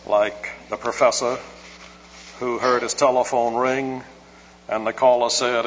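A man preaching an expository sermon in a measured, scholarly way with dry humor. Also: medium pitch, fairly bright tone. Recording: muffled hall recording with hum.

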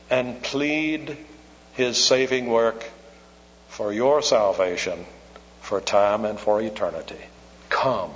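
A man preaching a sermon in an earnest way, his voice rising and falling for emphasis. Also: medium pitch. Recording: echoey hall, dull lo-fi sound.

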